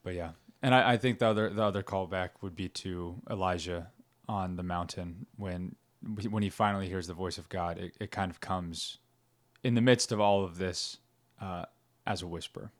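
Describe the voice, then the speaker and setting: A man's voice: deep voice, fairly even intonation, normal speed. A man in casual conversation, reflecting on faith and paraphrasing passages from a book. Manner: reflective, reads quotes aloud.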